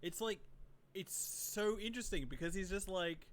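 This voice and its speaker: A man's voice: sits high, normal speed, a bit bright. A young man streaming a game, chatting casually and reading text aloud, with many fillers. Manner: rambling, lots of "like" fillers.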